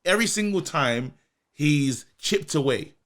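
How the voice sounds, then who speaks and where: A man, co-hosting a podcast in animated, slangy casual chat. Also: on the high side, a little slow. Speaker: podcast co-host.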